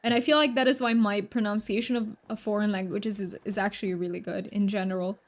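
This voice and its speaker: A woman's voice: mid-range voice, fairly even intonation, fast. A woman whose first languages are Romanian and Hungarian, chatting casually on a game stream and answering chat aloud.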